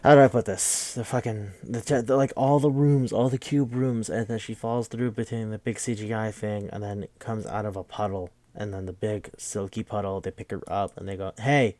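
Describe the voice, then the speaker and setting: A man's voice: on the low side, fairly even intonation, moderate pace, hardly any pauses, mellow, no room sound. A man hosting a podcast, retelling a movie plot in a rambling, profane casual way. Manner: rambling, profane, jumps into quoted voices. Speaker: podcast host.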